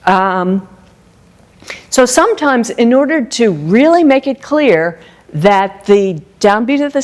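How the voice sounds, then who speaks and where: A woman's voice: mid-range voice, a little mellow. Woman flute teacher, mid-range voice, explains patiently and sings short examples to a class. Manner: explanatory, sings little phrases, asks the class questions. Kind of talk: masterclass teaching. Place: music store event space.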